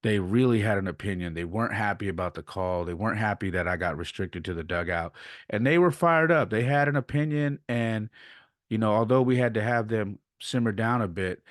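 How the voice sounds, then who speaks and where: A man's voice: lowish voice, dry recording, studio quality. A man hosting a podcast, casually telling a story about coaching youth baseball and acting out the exchanges he retells. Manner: animated retelling, acts out quoted exchanges.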